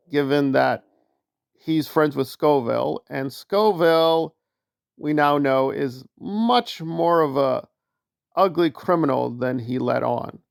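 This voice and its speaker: A man's voice: fairly high pitch, vocal fry, dry recording, studio quality. A man from the northeastern United States giving casual commentary in a wry, sarcastic way.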